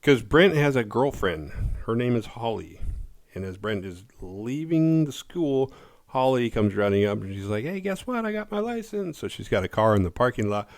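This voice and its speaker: A man's voice: lowish voice, moderate pace. A man in his forties hosting a horror movie review show, recapping a film in a rambling, offhand way and swearing freely.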